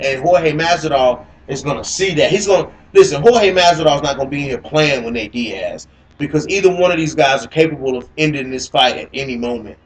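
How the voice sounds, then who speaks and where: A man hosting a casual mixed martial arts talk show. He rambles, curses and repeats himself as he gets excited. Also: on the high side. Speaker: host of MMA talk show. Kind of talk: casual live-stream commentary. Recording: echoey live-stream audio.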